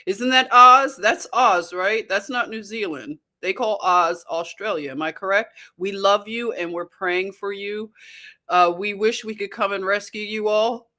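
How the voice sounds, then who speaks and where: A woman hosts a casual livestream, chatting with her viewers in a loose, excitable way. Her voice is bright and a little sharp, and she laughs easily between comments. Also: medium pitch, a little slow. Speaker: livestream host.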